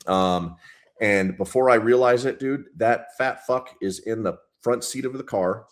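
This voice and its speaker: Blunt, profane man with a very deep voice. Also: measured pace. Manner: blunt, profane, intense retelling. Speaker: police sergeant guest. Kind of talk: casual storytelling interview.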